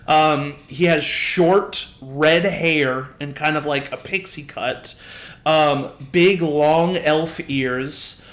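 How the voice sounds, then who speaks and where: A man running a tabletop game as game master, chatting loosely with frequent laughs and fillers. His voice sits a little high and rings in a roomy space. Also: very slow, a bit bright. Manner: casual, laughing, many fillers. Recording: roomy echo.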